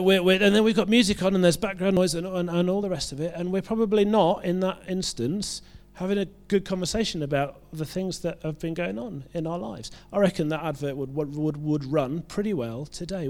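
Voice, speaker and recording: A man from the UK with a British accent, preaching a sermon in a relaxed, conversational way, joking at his own expense and often restarting his phrases. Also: high-pitched, a little fast, hardly any pauses. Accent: British English. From United Kingdom. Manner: conversational, self-deprecating, with frequent restarts.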